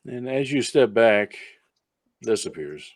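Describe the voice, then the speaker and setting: A man's voice: mid-range voice, expressive, slow, dry recording. A man as game master, narrating a tabletop game in an easygoing, chatty way. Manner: easygoing, chatty, breaks off to talk to a pet.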